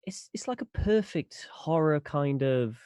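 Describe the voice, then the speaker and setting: A man's voice: fairly high pitch, lively intonation, a little slow, warm tone, smooth, dry recording, clean studio sound. A tired man, a tabletop game player chatting casually and rambling a little. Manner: self-deprecating, rambling with restarts.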